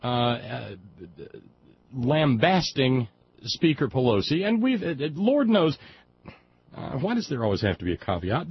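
Unhurried and slightly rough, this man's medium-pitched voice swings widely in pitch as he hosts a liberal talk radio show. The West Virginian gives a folksy, digressive, impassioned political monologue over dull, lo-fi audio with faint background noise.

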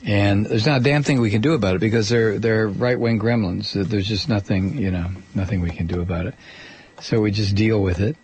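A man's voice: lowish voice, fairly even intonation, brisk, darkish tone, a little hiss or hum. A man hosting a talk radio show, rambling and joking with lots of fillers and restarts. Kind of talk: casual talk radio monologue.

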